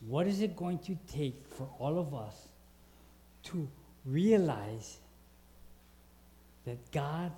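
Slow-talking male preacher, mellow voice. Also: on the high side, lively intonation. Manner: conversational, asks the congregation questions; reads scripture aloud. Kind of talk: sermon.

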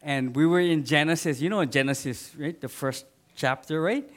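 A man preaching a sermon in an earnest way, rising to loud emphatic readings and dropping to soft asides. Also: on the high side, moderate pace.

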